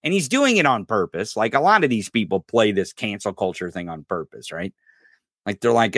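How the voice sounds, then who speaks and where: A man's voice: on the low side, moderate pace, no echo, studio quality. A man hosting a political podcast, ranting casually with lots of profanity, rambling and stumbling over his words. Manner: profane, rambling, animated, laughs and stumbles often. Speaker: podcast host.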